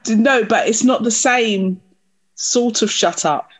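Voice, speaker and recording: A middle-aged woman co-hosting a casual family podcast, talking in an animated, laughing, defensive way. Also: a little high, slow, husky. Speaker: podcast co-host and mother.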